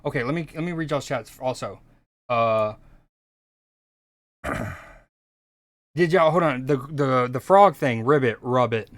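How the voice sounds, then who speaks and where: A man's voice: mid-range voice, takes it slowly, pauses often, fairly bright tone, dry recording, studio quality. A man from the United States streaming, reacting in rambling, profane casual chat. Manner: rambling, profane, restarts often.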